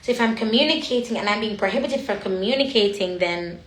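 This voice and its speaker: A woman's voice: mid-range voice, fast, fairly bright tone, echoey room, slight background noise. Emphatic woman. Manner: emphatic, repetitive, musing. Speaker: vlogger. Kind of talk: emotional casual monologue.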